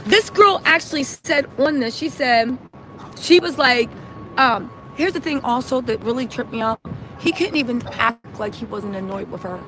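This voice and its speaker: A woman hosting a casual livestream from a city street, talking fast and emphatic, tagging "right?" onto her points. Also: fairly high pitch, lively intonation, background noise. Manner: chatty, emphatic, many "right?" tags. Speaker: livestream host.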